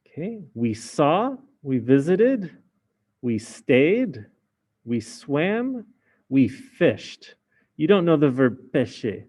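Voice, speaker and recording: A man's voice: on the high side, very animated, slow pace, darkish tone. A man teaching a French class in a casual explaining way, with many fillers. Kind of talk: recorded class lesson.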